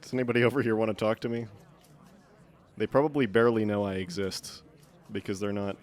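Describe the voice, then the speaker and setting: A man's voice: lowish voice, fairly even intonation, brisk, a little mellow. A man streaming a game live, chatty and joking, thinking aloud as he plays. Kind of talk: live gameplay commentary.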